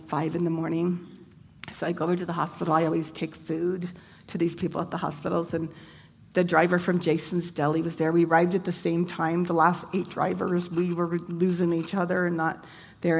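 A woman's voice: lowish voice, steady tone, brisk, gravelly. A woman sharing a personal faith testimony, retelling events vividly and conversationally with casual fillers. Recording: long hall reverb, faint background noise.

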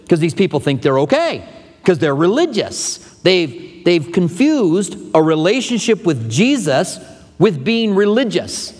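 A man's voice: high voice, in a large hall. A male pastor teaching an expository sermon in a conversational way, with asides to his congregation, in a church sanctuary.

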